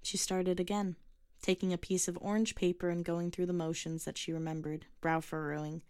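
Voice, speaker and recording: A woman reading a short story aloud in a measured, even way. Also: on the low side, clear, resonant tone, dry recording, clean studio sound. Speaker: narrator. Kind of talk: scripted story narration.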